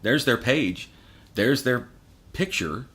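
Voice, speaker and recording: Animated, sarcastic man ranting. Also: mid-range voice, slow, slightly rough. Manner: sarcastic, profane ranting with laughter. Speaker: podcast guest, guitarist. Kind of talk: casual podcast storytelling.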